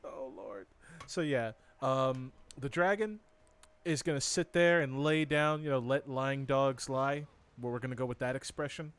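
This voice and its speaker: A man's voice: mid-range voice, moderate pace, fairly bright tone, clean tone. A man narrating as dungeon master of a tabletop game, laid-back, thinking aloud and chuckling.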